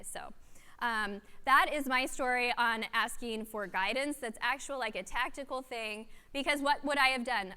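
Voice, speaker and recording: A woman giving a keynote talk at a conference, telling a story with lively, animated delivery and acted-out quotes. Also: a little high, clean tone. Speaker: keynote speaker. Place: conference hall. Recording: long hall reverb.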